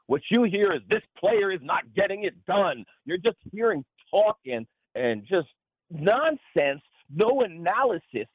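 A man co-hosting a talk radio show, giving animated, opinionated analysis of sports and politics. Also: fairly high pitch, husky, no echo, lo-fi sound.

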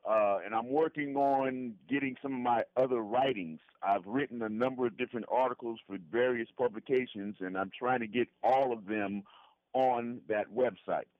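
A man's voice: medium pitch, normal speed, no echo. A man calling in to an interview, talking earnestly and repeating himself often. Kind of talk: phone-in conversation. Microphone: phone. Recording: tinny prison phone line.

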